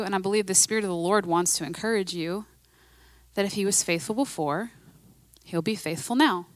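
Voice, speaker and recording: A woman's voice: mid-range voice, fairly bright tone, dry recording. A woman preaching a sermon in a conversational, emphatic way, repeating her key phrases.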